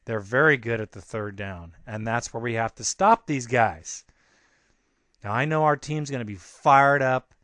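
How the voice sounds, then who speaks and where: A man's voice: medium pitch, a little slow, fairly bright tone, dry recording. A man hosting a sports podcast, ranting angrily and emphatically with lots of repetition. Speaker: podcast host. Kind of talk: fired-up sports podcast rant.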